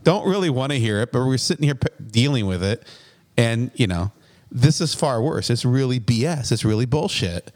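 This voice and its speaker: A man's voice: medium pitch, lively intonation, normal speed, darkish tone. A man co-hosting a casual political chat, blunt and swearing freely. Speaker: podcast co-host.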